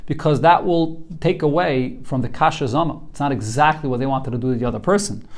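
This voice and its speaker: A man's voice: mid-range voice, brisk. A man, a rabbi, teaching a Talmud class, walking students through the text line by line in an earnest way, often repeating a word as he starts a thought.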